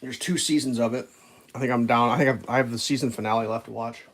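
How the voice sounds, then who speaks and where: A man's voice: mid-range voice, steady tone, fast talker, a bit bright, slightly rough. A man live streaming and chatting casually over breakfast, rambling and profane, with plenty of fillers.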